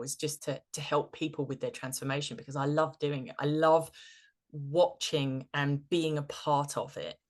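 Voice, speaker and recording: A woman with a notably low voice chats as a podcast guest, easygoing and enthusiastic. She sounds middle-aged and talks in a loose, conversational way. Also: fairly bright tone. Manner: chatty and enthusiastic, laughs easily. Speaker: guest, business coach. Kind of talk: casual podcast interview.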